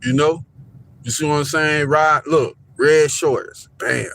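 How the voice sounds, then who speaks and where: A man's voice: on the high side, fairly even intonation, slow pace, a bit bright. A man live-streaming casual commentary while driving downtown, rambling and repeating himself as he points things out to viewers. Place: inside a car driving downtown. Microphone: phone camera.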